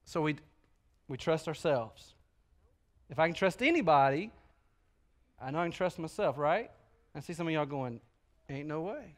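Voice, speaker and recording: A man's voice: on the high side, animated, moderate pace, pauses often. A male pastor, preaching a sermon in a folksy, joking, conversational way. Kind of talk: sermon with personal stories.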